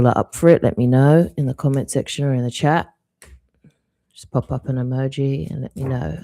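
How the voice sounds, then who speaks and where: A woman hosting a live stream, giving an intuitive card reading in a soft, reflective, unhurried way. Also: a bass voice, steady tone, gravelly, a little hiss or hum.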